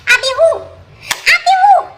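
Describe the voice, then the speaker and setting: A woman voicing a whiny, guilt-tripping Nigerian mother who complains in shrill, shouted Nigerian Pidgin. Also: lively intonation, slight background noise, exaggerated voice. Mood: wailing, accusing. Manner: rapid accusing complaints.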